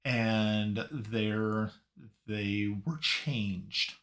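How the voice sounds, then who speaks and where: A man narrating a tabletop game as game master, halting and searching for his words. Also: lowish voice, fairly bright tone.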